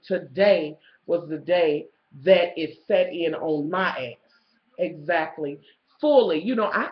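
A woman, telling a profane, animated story as a vlogger, swinging between loud outbursts and low asides. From Kentucky, USA. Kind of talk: ranting storytelling. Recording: echoey lo-fi home video.

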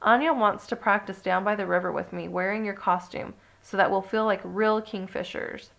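A woman with a gravelly voice reading aloud as a sweet, sympathetic young girl mouse in a children's storybook. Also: medium pitch, steady tone, normal speed, fairly bright tone.

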